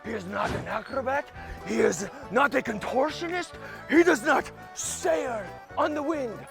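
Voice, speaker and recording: A man's voice: unhurried, creaky, music in the background, heavily acted. A man playing a boastful male circus acrobat who announces himself in grand showman style. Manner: grandiose, booming announcer delivery.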